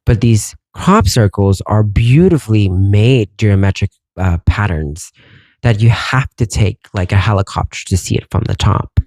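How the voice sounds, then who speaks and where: Mellow-voiced man rambling through a story. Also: fairly low pitch, unhurried, no echo. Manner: rambling, swears freely, wondering aloud. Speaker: podcast host. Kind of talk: casual podcast storytelling.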